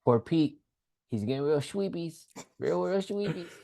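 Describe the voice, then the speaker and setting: A man's voice: on the high side, unhurried, gravelly. A man co-hosting a podcast, chatting casually in a loose, storytelling way with plenty of "like". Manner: animated, loose storytelling with lots of "like". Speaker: podcast co-host. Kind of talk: casual TV recap chat.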